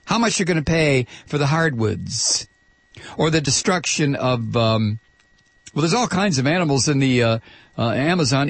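A man's voice: mid-range voice, sing-song, measured pace, husky, no echo. A male talk radio host delivering an indignant, sarcastic political rant. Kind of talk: ranting political monologue.

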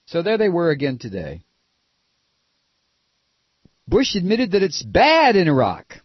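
A sarcastic American man hosts a political talk radio show, his voice slightly raised and lively in pitch. He mocks and rants, jumping from shouts to muttered asides. The sound is dry and dull, like a lo-fi broadcast. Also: slow pace, husky, no room sound. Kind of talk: opinionated talk radio monologue.

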